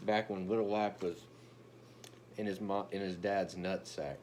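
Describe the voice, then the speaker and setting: A man's voice: deep voice, fairly even intonation, a little slow, long pauses, darkish tone, slight background noise. A young man ranting in a brash, profane, boastful comedic commentary, stumbling over restarts as he talks.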